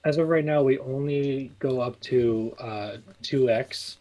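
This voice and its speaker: A man's voice: medium pitch, unhurried, a crowd in the background, low-quality recording. A man, a guest chatting casually about his small clothing business with lots of fillers. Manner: relaxed, rambling with many fillers and restarts. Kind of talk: casual interview chat.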